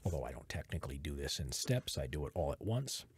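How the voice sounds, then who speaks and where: A man's voice: rumbling low, fast, breathy edge, no echo. An American man, a voiceover artist, casually explaining his audio setup in a home recording room into a studio microphone, rambling and correcting himself as he goes. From United States. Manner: rambling, self-correcting, relaxed tech talk. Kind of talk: casual behind-the-scenes explanation.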